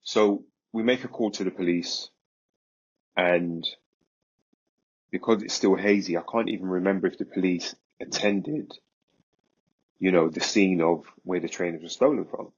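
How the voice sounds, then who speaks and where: A man, a podcast guest, recounting a story in a vivid, animated way. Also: low voice, measured pace, pauses often, slightly rough, dull audio. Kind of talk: casual storytelling.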